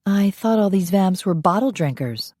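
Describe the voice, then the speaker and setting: A woman's voice: medium pitch, expressive, darkish tone, no echo, studio quality, pitched above the performer's own voice, natural voice. A woman doing a feisty, sarcastic young heroine. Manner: sarcastic, brisk.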